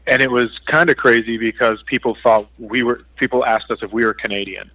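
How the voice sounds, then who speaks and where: A man's voice: mid-range voice, fairly even intonation, fairly quick, sharp tone, highs cut off. A man from Minnesota, a stand-up comedian guesting on a podcast, telling stories wryly with dry punchlines. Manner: wry storytelling with dry punchlines. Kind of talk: casual chat.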